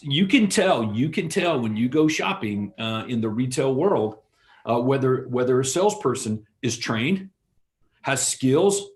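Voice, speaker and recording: A man co-presenting an online real estate seminar, teaching casually and acting out short shop dialogues. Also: mid-range voice. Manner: casual, storytelling, acts out little dialogues. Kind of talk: conversational teaching with role-play examples.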